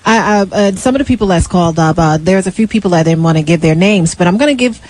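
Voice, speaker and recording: A woman's voice: fairly low pitch, lively intonation, a little mellow, no room sound. Hesitant woman co-hosting live radio. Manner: hesitant, halting, reads caller names. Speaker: radio talk show co-host. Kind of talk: live call-in radio talk.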